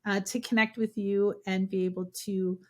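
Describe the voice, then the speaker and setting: A woman's voice: mid-range voice, little pitch movement, moderate pace, a little mellow. A woman from Minnesota with a Minnesotan accent, hosting a podcast interview with enthusiasm and rambling praise. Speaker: podcast host.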